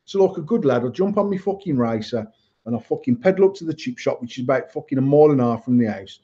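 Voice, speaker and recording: A man's voice: medium pitch, quick pace, breathy edge. A man telling a rowdy childhood story in casual podcast banter, swearing constantly and laughing along. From United Kingdom. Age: adult. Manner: sweary, animated, laughs through his own story. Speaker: podcast co-host. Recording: dull lo-fi sound.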